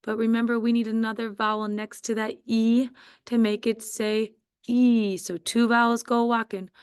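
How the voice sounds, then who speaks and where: A woman teacher giving a slow, patient spelling dictation to first graders. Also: fairly high pitch, little pitch movement, smooth, no echo, studio quality. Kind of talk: spelling quiz dictation for young students.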